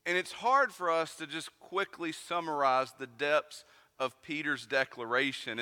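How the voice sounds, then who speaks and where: A man's voice: on the high side, sharp tone. A man with an East Tennessee Southern accent, preaching a conversational sermon full of questions to his congregation. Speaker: pastor. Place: church sanctuary. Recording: long reverb of a church hall.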